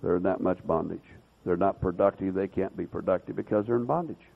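A man's voice: deep voice, a little fast, gravelly, breathy edge. A man preaching a sermon, retelling a story full of "he said" and "uh" fillers. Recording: tinny lo-fi sermon recording.

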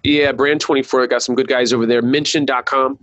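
A man's voice: mid-range voice, steady tone, a little fast, a bit bright, no room sound, rough recording. A man speaking as a guest on a marketing webcast, rambling, with many restarts and fillers. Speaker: guest, digital marketing consultant. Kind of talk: casual webcast interview.

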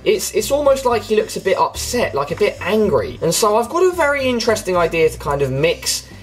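A man's voice: sits high, very animated, fairly quick, low-quality recording. Playful man with music behind. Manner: playful, teasing, jokey. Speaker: YouTuber. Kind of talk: comedic photo-editing commentary. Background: background music.

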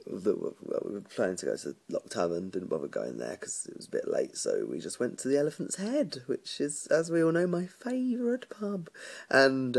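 A man's voice: on the low side, vocal fry, darkish tone. A man vlogging at home into a phone camera, telling a rambling story casually, laughing and mimicking the people in it. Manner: chatty, rambling, mimics other people's voices, laughs often.

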